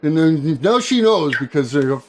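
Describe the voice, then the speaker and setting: A high-pitched older man with a twang rants crudely to his viewers, joking and swearing. His tone flips between mock outrage and laughter. The delivery is rambling and loose. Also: sing-song, normal speed, slight background noise. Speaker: vlogger. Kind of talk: rambling comedic rant to camera.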